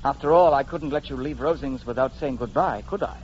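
An actor playing a proud, reserved young gentleman who talks in a stiffly formal, halting way, in a radio play on a dull lo-fi recording. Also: medium pitch, loud music behind the voice, close to an everyday voice. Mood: earnest. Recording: dull lo-fi sound.

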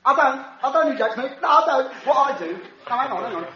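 A man's voice: very high-pitched, expressive, a little fast, roomy sound, voice pushed up. A man playing a cocky stand-up comedian with a Cockney accent, full of repeated patter. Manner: cocky patter, repeats "mate" and "look, listen". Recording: dull lo-fi sound, noisy crowd.

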